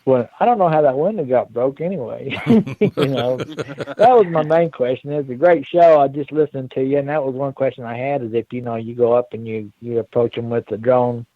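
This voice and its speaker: A rambling man calls in and chuckles his way through a casual question. The line is dull and lo-fi and sounds dry. His voice sits at a middle pitch. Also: brisk, no room sound. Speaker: caller. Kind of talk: casual call-in chat.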